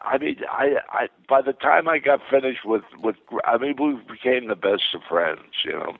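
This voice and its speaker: An older man telling rambling show-business anecdotes as a guest, excited and full of restarts and repeated words. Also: medium pitch, normal speed, gravelly, dry recording. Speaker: interview guest. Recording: dry, tinny phone-like sound.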